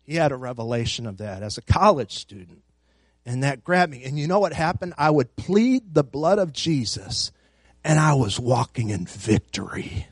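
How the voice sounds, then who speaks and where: A man's voice: medium pitch, very animated, moderate pace, breathy edge, no echo. A man preaching a sermon as pastor, emphatic, repeating phrases and building force.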